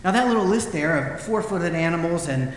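Conversational preacher in an echoey hall. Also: male voice, a little high, lively intonation, fairly quick, slight background noise. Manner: conversational storytelling, acts out quotes. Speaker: pastor. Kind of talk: sermon. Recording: echoey hall, faint ambience.

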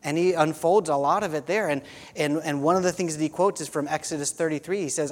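A man's voice: a little high, fast talker. A man preaching a sermon as a pastor, conversational, often restarting phrases and saying "you know.". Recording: long hall reverb.

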